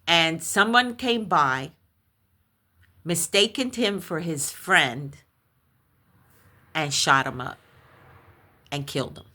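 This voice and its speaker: Woman, storyteller: low-pitched, unhurried, recounting a personal paranormal tale, animated and halting. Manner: animated storytelling, acts out others' voices in high shrieks; halting restarts when shaken.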